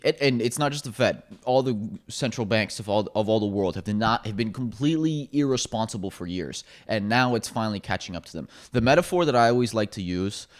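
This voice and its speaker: A man co-hosting a casual podcast discussion, opinionated and ranting, swearing now and then. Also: on the low side. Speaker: podcast co-host.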